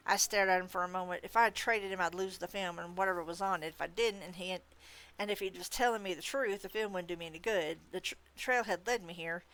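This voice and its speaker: A woman hosting a live reading of a novel, narrating in first person with expressive delivery. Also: fairly low pitch, fast, hardly any pauses. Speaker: host reading a novel on livestream.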